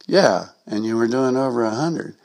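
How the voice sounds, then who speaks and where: A man voicing a curt, irritated male highway trooper with a snarl in his voice. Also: moderate pace, darkish tone, lightly acted. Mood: gruff.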